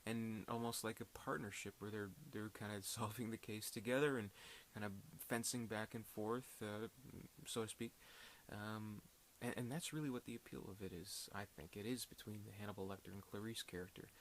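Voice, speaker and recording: A man's voice: fairly low pitch, steady tone, normal speed, few pauses, a little hiss or hum. A man casually reviewing a film, rambling with many fillers and restarts.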